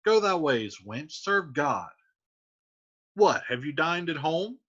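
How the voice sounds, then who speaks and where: A man slips into a tired old nurse grumbling about her aching bones and teasing as she goes, in a slightly raised, animated voice. The tone is bright, and the recording is muffled and lo-fi. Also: on the high side, slow pace, slightly rough, voice pushed up, full character voice. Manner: complaining, teasing.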